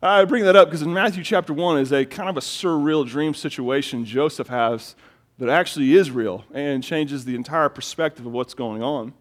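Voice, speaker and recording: A middle-aged man preaching a sermon as pastor, telling stories in an animated way and often repeating words as he gets excited. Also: on the high side, moderate pace.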